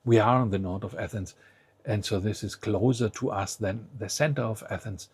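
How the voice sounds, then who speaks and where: A man's voice: lowish voice, normal speed, a little mellow, husky. A man teaching a language lesson to the viewer, patiently asking the learner to try each word before he says it.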